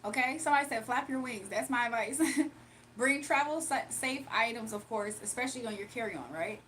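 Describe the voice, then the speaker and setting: This is a woman's fairly bright, higher-pitched voice at a moderate pace, with a little hiss or hum in the audio. She's hosting a relaxed early-morning livestream at home, chatting, laughing frequently, and responding straight to viewers' chat messages.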